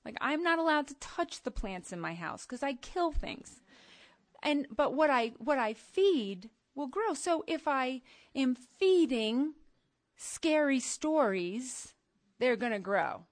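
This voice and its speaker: A middle-aged woman preaching to a women's gathering, emphatic and animated, moving from soft asides to loud outbursts. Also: sits high, slow, no room sound, studio quality. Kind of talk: sermon.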